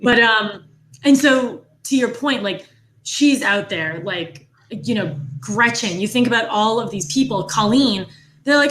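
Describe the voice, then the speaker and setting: A young woman co-hosting a casual podcast, animated and full of fillers. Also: fairly high pitch, unhurried, a little hiss or hum, poor audio. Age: young adult. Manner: animated, laughs, uses many fillers. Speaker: podcast co-host.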